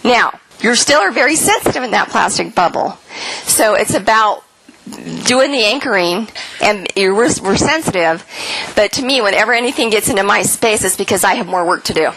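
A woman's voice: mid-range voice, normal speed, no room sound, rough recording. A middle-aged woman, an author, giving an earnest spiritual talk to an audience and telling stories animatedly. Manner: earnest, animated storytelling, acts out quoted voices. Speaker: speaker and author.

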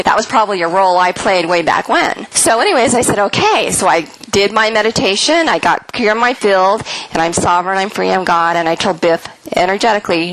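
A middle-aged woman speaks earnestly to an audience about spirit and energy, telling her stories animatedly. Her voice has a bright, forward ring. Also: mid-range voice, fairly quick, no room sound, rough recording. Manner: earnest, animated storytelling, acts out quoted voices. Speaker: speaker and author.

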